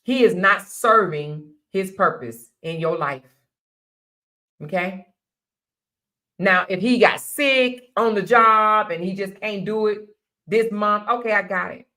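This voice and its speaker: A woman's voice: mid-range voice, a bit bright. An older woman hosting a casual live-stream talk in a Southern manner, blunt and preachy, laughing often as she speaks her mind. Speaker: live show host.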